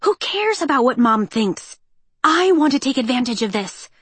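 Audiobook: woman reading a gushing, whiny teen girl, pitched high and loud, dry sound. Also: lively intonation, moderate pace, no room sound. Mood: exasperated. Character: excitable teenage girl, dramatic, bubbly stepsister.

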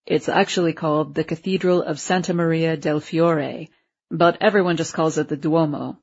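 A woman's voice: low-pitched, steady tone, normal speed, husky, lo-fi sound, pitched below the performer's own voice. A woman doing an easygoing grown father. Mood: explaining. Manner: informative, easygoing explaining. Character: friendly grown man, a father, tour guide.

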